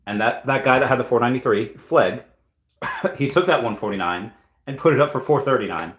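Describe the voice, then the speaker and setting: A man's voice: mid-range voice, fairly quick, fairly bright tone, roomy sound. A man giving rambling, opinionated casual commentary on collectibles, coughing often and breaking off into asides. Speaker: crypto and collectibles YouTuber.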